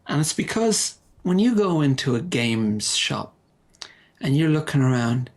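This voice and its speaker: Deadpan sarcastic man on a podcast. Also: fairly high pitch, unhurried. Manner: deadpan mock-earnest, theatrical sighs. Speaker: podcast co-host. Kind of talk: sarcastic comedic chat.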